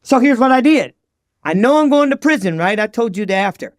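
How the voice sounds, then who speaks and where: A man, a podcast guest, telling his recovery story in an animated, slangy way and acting out the dialogue. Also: extremely high pitch, brisk, no room sound, clean studio sound.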